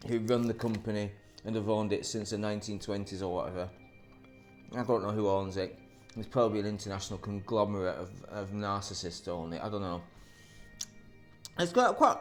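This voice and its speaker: A man casually reviewing a sweet on camera, rambling and self-interrupting, with dry, sardonic asides. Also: mid-range voice.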